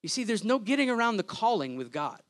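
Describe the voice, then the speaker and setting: A man's voice: sits high, very animated, fast, a bit bright. A man preaching a sermon in a conversational, humorous way, often checking in with the listeners by asking "right?".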